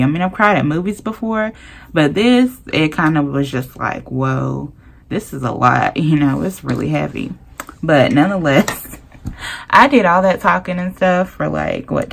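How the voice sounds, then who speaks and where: Young woman, low gravelly voice, chatty vlogger ranting straight to camera. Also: slight background noise. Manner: animated, talks straight to viewers with southern-style slang. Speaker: planner vlogger. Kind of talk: casual chatty rant while planning.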